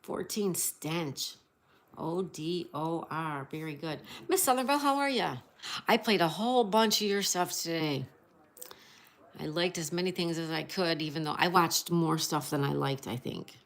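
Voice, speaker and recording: Woman, slightly low voice, casual livestream host, reads chat, spells letters. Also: a little slow. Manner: greets viewers and reads chat aloud; spells out crossword answers letter by letter.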